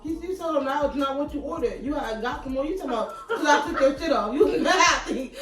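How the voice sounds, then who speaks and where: A young woman telling a story in casual chat, animated and laughing, with lots of swearing. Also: high-pitched, quick pace. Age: young adult. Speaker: guest friend. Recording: roomy echo, distant mic, faint music.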